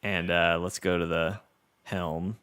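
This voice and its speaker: A man's voice: low voice, flat delivery, slow, a bit bright, clear, resonant tone. A man with a Southern US accent hosting a casual gameplay livestream, reading chat aloud in an easygoing, self-deprecating way. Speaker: livestream host.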